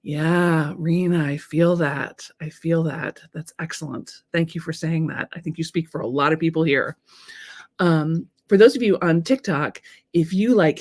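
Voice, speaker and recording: Woman, live-stream coach, frank, animated, swears casually, lowish voice. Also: unhurried. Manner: animated, frank, swears casually, reads viewer comments aloud.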